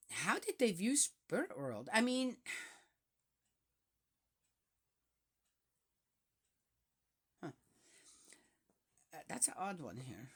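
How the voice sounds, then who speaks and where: A woman reads scripture aloud and breaks off to think out loud about it. Her comments are hesitant and wandering, and she keeps turning to the listener with a questioning "yes?". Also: fairly low pitch, huge pitch swings, extremely slow, pauses often, slightly rough. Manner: musing, hesitant, checks in with listeners by asking "yes?". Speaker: scripture reader. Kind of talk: reading psalms aloud with personal reflection.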